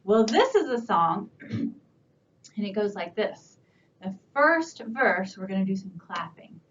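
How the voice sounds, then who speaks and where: A woman librarian leading a virtual children's storytime, reading slowly and asking the kids gentle questions, recorded on a camera in a library room. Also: mid-range voice, big pitch swings. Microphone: camera on a stand. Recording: dull lo-fi camera audio, faint room hiss.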